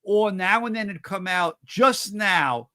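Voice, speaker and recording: A man's voice: high voice, slow, pushed and bright. A man in a casual podcast chat, talking in an opinionated, emphatic way.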